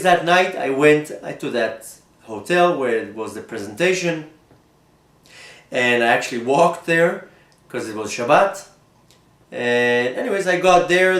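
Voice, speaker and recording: A rabbi telling a personal story in an animated way, often repeating and restarting his words. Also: fairly high pitch, roomy sound. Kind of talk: storytelling talk.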